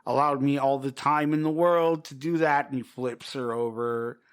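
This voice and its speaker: A man's voice: medium pitch, steady tone, moderate pace, clean tone. Male podcast co-host, casual and rambling, retells the story with plenty of fillers and loose character bits, mid-range voice. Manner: rambling, filler-heavy, loosely acts out quoted lines. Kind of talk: casual chat retelling a comic.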